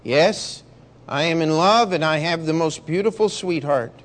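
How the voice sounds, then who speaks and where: A man's voice: a little high, a little slow, natural voice. A man voicing a proud, earnest patriot general in a read-aloud story, speaking eloquently.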